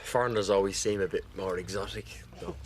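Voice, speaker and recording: An actor playing a young Irish man in a TV soap drama, easygoing and quick to indignation. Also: sits low, noisy background, close to an everyday voice. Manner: animated, rises sharply when angered.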